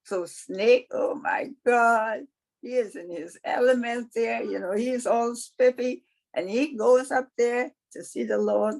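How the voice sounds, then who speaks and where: A woman's voice: fairly high pitch, measured pace, creaky, mellow. A woman storyteller telling a folktale in a conversational way with wry asides, over a video call.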